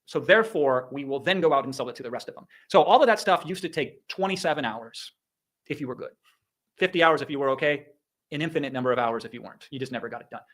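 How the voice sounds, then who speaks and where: Talking fast at medium pitch, this middle-aged man from Iowa, USA, coaches online business on a motivational livestream. His delivery is energetic and punchy, peppered with swearing and sound effects.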